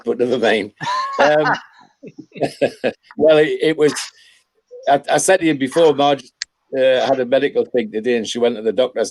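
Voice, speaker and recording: An older man from North East England in casual chat, telling rambling anecdotes with chuckles and restarts. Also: medium pitch. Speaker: podcast panelist.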